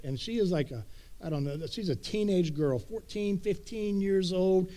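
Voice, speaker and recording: A man preaching a sermon in a relaxed, conversational way, retelling scripture in everyday words. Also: fairly high pitch. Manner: conversational, paraphrases scripture in casual speech. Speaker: pastor.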